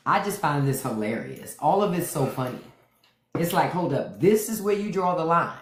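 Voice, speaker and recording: A man hosting a casual livestream, giving opinionated political commentary and stopping often to greet viewers by name. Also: on the high side. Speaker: livestream host. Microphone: phone livestream. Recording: roomy echo.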